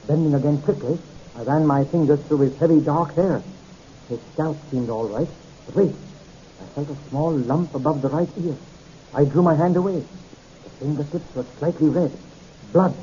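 A man reading a first-person mystery story in a measured, dramatic way. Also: fairly high pitch, mellow, slight background noise. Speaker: narrator. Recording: dull lo-fi recording.

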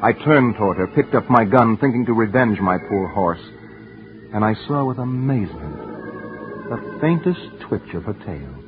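A man's voice: fairly low pitch, animated, normal speed. Man narrating, tinny old radio sound. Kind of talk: first-person dramatic radio narration. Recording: tinny old radio broadcast with faint music.

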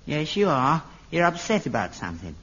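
An older man with a raspy voice, playing a nagging father in an old TV sitcom. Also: a little high, big pitch swings, normal speed, fairly bright tone, heavily acted. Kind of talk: 1960s-70s TV sitcom acting. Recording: lo-fi archive TV sound.

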